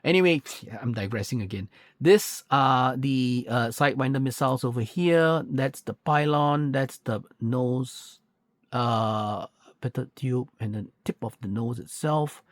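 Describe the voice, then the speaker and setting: A man's voice: medium pitch, measured pace, no echo, studio quality. A man walking through a model kit's parts in a chatty, pedantic way, full of fillers and self-corrections. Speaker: scale model reviewer. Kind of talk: unboxing walkthrough, casual commentary.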